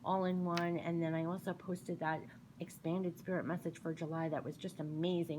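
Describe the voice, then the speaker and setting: A woman's voice: on the low side, little pitch movement, normal speed, warm tone, slight background noise, low-quality recording. A woman doing a casual spiritual card reading, earnestly reading card messages aloud between her own remarks. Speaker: tarot reader.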